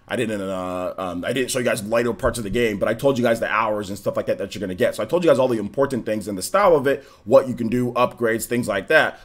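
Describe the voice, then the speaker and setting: A man streaming a game, chatting casually and giving shout-outs to viewers, his voice a little worn and still recovering. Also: fairly low pitch, animated, fast talker, hardly any pauses. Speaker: gaming streamer. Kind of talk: live stream chat, greeting viewers.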